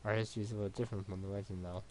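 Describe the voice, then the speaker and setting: A man reading a visual novel aloud for a let's play, in an even, unhurried way with small stumbles. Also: fairly low pitch, slight background noise.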